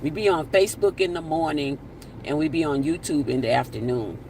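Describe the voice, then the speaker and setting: A man with a fairly high voice talks quickly and easily on a live stream, reading out comments and repeating words for emphasis before signing off with blessings. He sounds set back from the mic, outdoors, with faint street and car noise.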